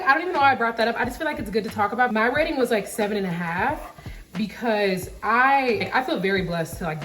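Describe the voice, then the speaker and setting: A woman's voice: medium pitch, a bit bright, roomy sound, slight background noise. A young woman vlogging while she cooks at home, rambling candidly with lots of filler words. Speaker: cooking vlogger. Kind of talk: casual chat while cooking. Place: home kitchen.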